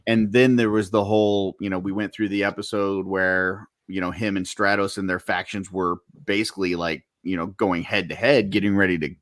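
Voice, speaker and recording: Male co-host, lowish voice, dry close sound, easygoing and blunt, lots of fillers. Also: a little fast, hardly any pauses, no echo. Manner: relaxed, blunt, many fillers like "you know". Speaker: podcast co-host. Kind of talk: casual fan podcast chat.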